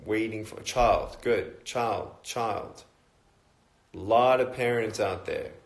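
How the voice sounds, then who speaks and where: A middle-aged Australian man chatting casually on a phone livestream, greeting viewers by where they are and filling pauses with ums and uhs. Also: fairly low pitch. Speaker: motivational speaker. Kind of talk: casual live-stream chat.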